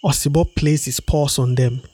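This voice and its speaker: A man narrating a folktale in a steady storybook read-aloud. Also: mid-range voice, moderate pace, slightly rough, dry recording.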